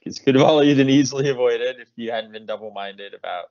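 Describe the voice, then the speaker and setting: A man co-hosting a podcast in casual conversation, talking in a halting way and repeating words. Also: medium pitch, a little mellow. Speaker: podcast co-host. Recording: dull lo-fi podcast audio.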